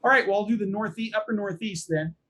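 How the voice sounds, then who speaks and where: A man co-hosting a podcast in casual chat, briskly listing items in an easygoing way. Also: high voice, sharp tone. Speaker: podcast co-host.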